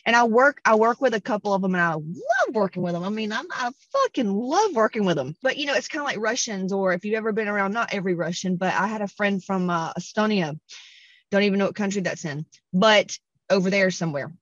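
A woman with a Southern US accent hosting a podcast, telling a story in a blunt, profane, animated way and putting on voices for quotes. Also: mid-range voice, brisk, no room sound, dull audio. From American South. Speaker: podcast host. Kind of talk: casual storytelling monologue.

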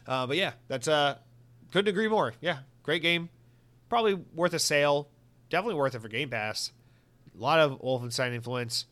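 A man's voice: fairly high pitch, normal speed. Young guy podcaster reading comments, swears a lot, rambles, gets worked up. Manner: rambling, profane, animated rants. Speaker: podcast host. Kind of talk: casual podcast monologue reading listener comments.

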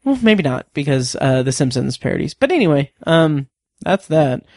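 Rambling through casual podcast chat, this co-host piles on fillers, keeps restarting, and laughs a lot. He's a man with a highish, slightly mellow voice that swings widely in pitch at a normal pace, recorded in a clean studio without echo.

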